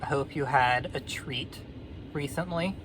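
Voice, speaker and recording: A woman vlogger telling a fable in a casual, sardonic, rambling way with deadpan asides. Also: a bass voice, measured pace, background noise. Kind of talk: casual storytelling commentary.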